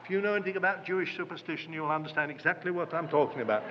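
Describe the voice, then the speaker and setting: Male preacher, dramatic storyteller, high voice, lo-fi hall reverb. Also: very fast, few pauses, slight background noise. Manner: dramatic storytelling, acting out quotes. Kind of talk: sermon. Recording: dull reverberant hall recording.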